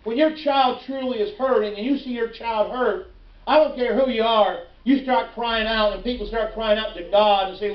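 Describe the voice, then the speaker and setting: A man's voice: very high-pitched, fairly even intonation, normal speed. A male pastor preaching a sermon, pleading passionately in prayer as his voice climbs. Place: church sanctuary. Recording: roomy, distant, dull church recording.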